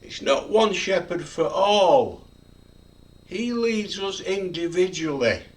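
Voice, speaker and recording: A man's voice: high-pitched, expressive, takes it slowly, recorded from a distance. A man in his seventies, a preacher giving a devotional talk, who repeats single words and leans hard on each one. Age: 70s. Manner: emphatic, repeats single words with heavy stress. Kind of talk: devotional video talk on a psalm.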